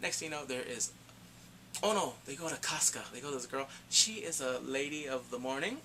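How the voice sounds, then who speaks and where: A man with a bright, forceful voice and a pitch that leaps around freely. He talks in a casual, rambling way, correcting himself mid-sentence as he reviews an episode. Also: fairly quick, a little hiss or hum. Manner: rambling, animated, self-correcting. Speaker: anime reviewer.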